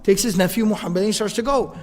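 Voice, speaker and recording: A man telling a religious story in a lecture, in a casual, animated way, acting out the quotes. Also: high voice, racing, big-room sound. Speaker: Islamic lecturer.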